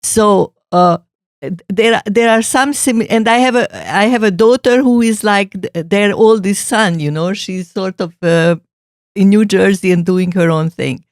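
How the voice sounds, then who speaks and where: Brief: older female co-host, halting and warm-natured chat, dry recording. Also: medium pitch, dry recording. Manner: halting, many restarts. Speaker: podcast co-host. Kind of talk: casual chat.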